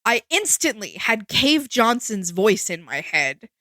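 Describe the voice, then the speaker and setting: A woman co-hosting a podcast in casual chat, lively and chatty, explaining facts with exclamations. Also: on the high side, a little slow, dry recording. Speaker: podcast co-host.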